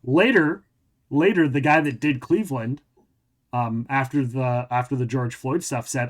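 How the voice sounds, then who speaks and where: In a relaxed interview chat, a man who hosts a podcast and runs tabletop games tells a meandering tale that keeps doubling back. His mid-range voice moves at a slightly slow pace.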